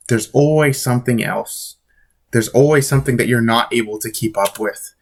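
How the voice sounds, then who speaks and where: A man's voice: mid-range voice, normal speed, vocal fry. A man in a mid-range voice talking straight to his viewers in a casual vlog monologue. He is blunt and swears freely, pressing his points with emphasis. He rambles, restarts his sentences and keeps asking rhetorical questions. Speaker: vlogger.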